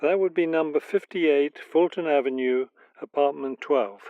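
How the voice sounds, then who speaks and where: A man's voice: on the high side, moderate pace, no echo, natural voice. A man playing an office manager who calls to arrange a phone line in a scripted exam dialogue, giving plain, cooperative answers. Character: polite male office manager calling to order a phone line. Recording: tinny dry phone-like studio audio.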